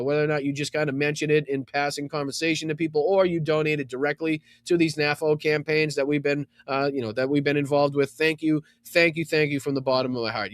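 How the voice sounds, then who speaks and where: A man's voice: on the high side, no room sound, clean studio sound. Effusive rambling Boston man. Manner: rambling, filler-heavy, effusive gratitude; profane asides. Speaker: podcast host. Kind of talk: casual thank-you segment.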